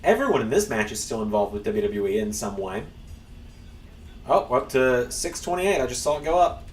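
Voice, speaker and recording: A man's voice: mid-range voice, sing-song, moderate pace, far from the mic. A man hosting a stream, chatting in a rambling, casual way while he plays. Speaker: streamer and channel host. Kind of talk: casual gameplay commentary. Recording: roomy, off-mic, faint background hum.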